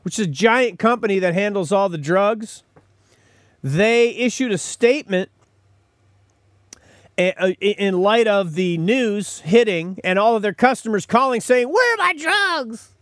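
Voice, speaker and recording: A man's voice: high voice, measured pace, no echo, clean studio sound. A man hosting a podcast, delivering a sarcastic, opinionated commentary monologue. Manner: sarcastic, mocking, mimics callers and corporate statements. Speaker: podcast host.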